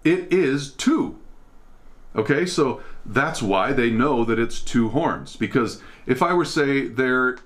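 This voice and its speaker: A man's voice: mid-range voice, animated, a little slow, few pauses, a bit bright. A man from America teaching a casual Bible study, explaining verses and thinking aloud as he goes.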